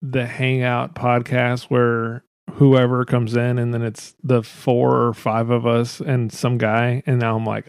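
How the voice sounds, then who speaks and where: A young man hosting a casual podcast chat, rambling and swearing freely, breaking into quick impressions. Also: medium pitch, little pitch movement, clear, resonant tone, no echo. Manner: rambling, profane, laughing, doing quick voices. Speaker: podcast host.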